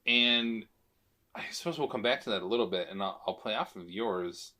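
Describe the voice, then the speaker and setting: Bright-voiced man ranting about a movie. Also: on the low side, moderate pace. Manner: opinionated, animated rants. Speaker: podcast co-host. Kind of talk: casual movie-review chat.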